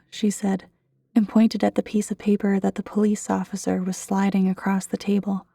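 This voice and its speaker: Hushed mellow woman horror narrator. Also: medium pitch, little pitch movement, normal speed, gravelly, dry recording, studio quality. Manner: hushed, often dropping to a whisper. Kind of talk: scripted creepypasta narration.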